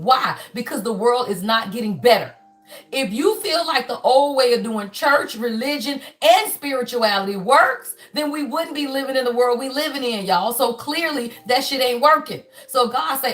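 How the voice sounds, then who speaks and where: A woman's voice: fairly high pitch, expressive, normal speed, fairly bright tone. A woman in her fifties giving a spiritual reading to her viewers, preachy and emphatic, swearing freely and repeating her points. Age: 50s. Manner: emphatic and preachy, profane, repeats phrases for the audience. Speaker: spiritual reader and life coach.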